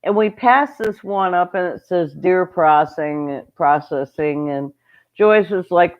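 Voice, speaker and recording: A woman's voice: on the low side, expressive, takes it slowly, highs cut off. A woman hosting a homestead channel, telling a story in a casual livestream and breaking off to greet viewers. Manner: chatty, rambling, greets viewers mid-story.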